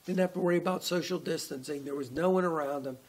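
A man's voice: on the high side, fast talker, darkish tone, slightly rough. A man preaching a conversational online sermon as a pastor, often restarting his phrases as he talks. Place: church.

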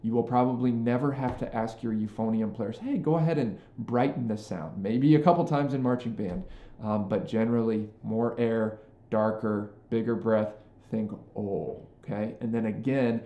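Man, music instructor, earnest lesson, warm mellow voice, roomy echo. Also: on the low side, highs cut off. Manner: earnest, frequent "okay?" and "right?" check-ins. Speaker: music teacher. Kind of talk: instructional talk to band directors.

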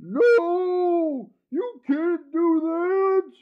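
A panicky wizard pleads in a high, whiny voice, as a man puts him on. He speaks slowly and his pitch jumps around. The sound is muffled and lo-fi. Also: lively intonation, exaggerated voice. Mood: pleading.

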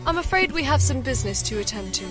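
A woman's voice: high voice, lively intonation, quick pace, over music. A woman doing a stern aristocratic mother. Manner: stern, clipped and commanding. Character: strict aristocratic mother, cold and demanding.

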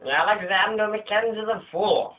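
A man's voice: high voice, normal speed, natural voice. A young man playing a snobbish, rude rich boy in an amateur skit, drawling his insults. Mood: sneering. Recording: tinny lo-fi home video with faint hiss.

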